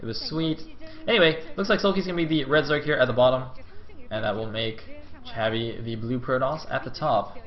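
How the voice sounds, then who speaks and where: A man's voice: medium pitch, fairly quick. A young man casting a video game on his own stream, chatting and rambling with lots of fillers. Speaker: game caster. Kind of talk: solo esports commentary on stream. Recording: slightly dull lo-fi stream audio with faint music.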